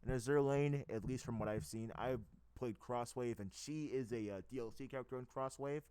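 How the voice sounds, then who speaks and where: A man's voice: mid-range voice, a little fast, warm tone, smooth. Rambling young man full of fillers. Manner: hesitant, many fillers and restarts, goes off on tangents. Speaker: video creator explaining fan project plans. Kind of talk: casual rambling talk.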